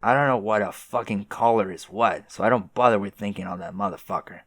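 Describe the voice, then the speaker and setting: Brief: mellow, foul-mouthed clown boy troll from a webcomic readthrough, voiced by a male reader, a touch louder than his own voice, in a dry room. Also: on the low side, brisk, dry recording. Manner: drawling, swears constantly. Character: laid-back cursing clown male teen troll.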